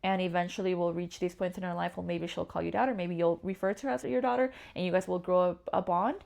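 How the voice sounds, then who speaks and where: A young woman speaks as an interview guest, her voice carrying a gravelly edge. She tells personal stories with animation and acts out the voices of the people in them. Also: fairly low pitch, fairly even intonation, fast talker, a little mellow. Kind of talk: candid personal storytelling in an interview.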